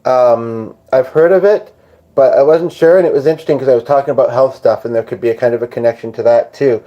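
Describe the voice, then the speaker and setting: A man's voice: medium pitch, fast talker, lo-fi sound. A tired man hosting a live stream, rambling and joking casually as he answers viewers' comments. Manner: rambling, jokey, chatty with viewers. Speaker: livestream host.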